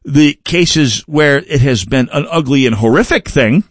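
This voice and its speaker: A man's voice: a little high, animated, a little slow, slightly rough, no room sound, studio quality. A man hosting a broadcast, delivering a political commentary monologue with emphatic delivery, wry asides and frequent restarts. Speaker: broadcast host.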